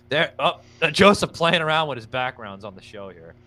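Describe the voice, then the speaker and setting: A man's voice: medium pitch, expressive, normal speed, pushed and bright. A man hosting a livestreamed podcast in a rambling, casual way, thanking viewers by name and plugging merch. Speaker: podcast host.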